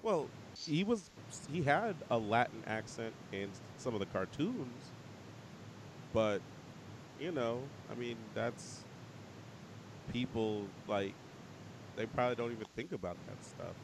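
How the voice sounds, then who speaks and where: A man hosting a casual podcast chat, easygoing and quick to react with surprised questions. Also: medium pitch, lively intonation, noisy background.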